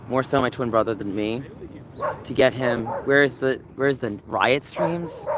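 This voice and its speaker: A man live streaming outdoors from a dog park, chatting loosely and reading chat aloud while he walks. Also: medium pitch. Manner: rambling, reads chat aloud, talks to dogs. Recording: faint outdoor noise, dogs barking. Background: dogs and faint outdoor ambience.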